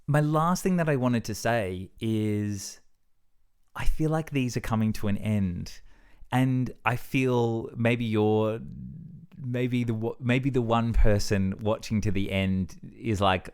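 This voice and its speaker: A man's voice: mid-range voice, slow pace, darkish tone, smooth. A young man talks to the camera in a loose, reflective way. He rambles, breaks off and restarts his sentences, and fills the gaps with ums. His tone is self-deprecating throughout. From Australia. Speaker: vlogger. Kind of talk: casual reflective monologue.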